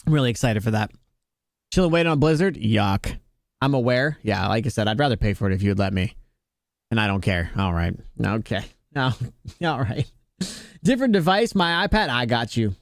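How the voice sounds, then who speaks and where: A man chats casually with his live-stream viewers. He rambles, restarts his sentences and answers chat as he goes. His voice sits at a middle pitch and sounds dry and close to the mic. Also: animated, normal speed, no echo.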